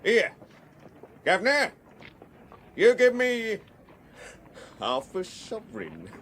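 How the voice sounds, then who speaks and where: A chatty Victorian cabbie. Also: male voice, mid-range voice, sing-song, slow, fairly bright tone, slightly rough, exaggerated voice. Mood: jovial. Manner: gossipy, chuckling to himself. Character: chatty Victorian London cab driver, cheerful. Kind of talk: radio drama acting. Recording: faint background noise.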